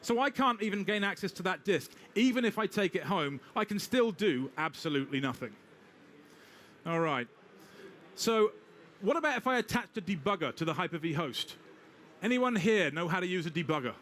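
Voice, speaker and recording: A British man giving a live technical talk with a demo, brisk and wry, talking straight to the audience. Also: high-pitched, animated, a bit bright. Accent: British English. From Britain. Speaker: technical presenter.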